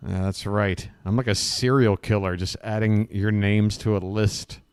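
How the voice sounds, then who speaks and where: Slow, sarcastic male stream host. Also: lowish voice, steady tone, darkish tone, clean tone, no echo, studio quality. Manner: joking, sarcastic riffing; rambling, self-interrupting. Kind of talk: casual live-stream commentary.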